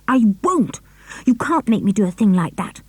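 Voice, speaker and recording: A woman's voice: on the high side, big pitch swings, moderate pace, a little mellow, slightly rough, dry recording, voice pushed up. Fierce defiant tomboy girl, read by a woman. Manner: stubborn, emphatic. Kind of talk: audiobook character reading.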